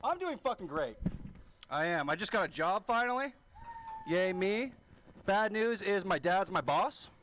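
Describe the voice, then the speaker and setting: Young guy doing crude standup, high voice that jumps around a lot. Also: animated, unhurried, fairly bright tone, slight background noise, low-quality recording. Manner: crude, brash, self-deprecating. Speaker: stand-up comic. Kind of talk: stand-up comedy set.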